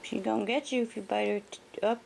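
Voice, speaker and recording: Woman, pet owner, sing-song baby-talk, a bit high, gravelly. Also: steady tone, fast talker, darkish tone, a little hiss or hum. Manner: cooing baby-talk to puppies. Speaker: puppy owner filming her litter. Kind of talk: casual talk to pets. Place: indoors at a puppy pen.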